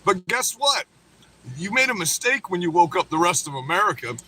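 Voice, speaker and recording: Guy on a livestream ranting, crude and cursing nonstop, bright cutting voice. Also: high-pitched, big pitch swings, normal speed, slight background noise, low-quality recording. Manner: crude, profane, taunting. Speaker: livestream host.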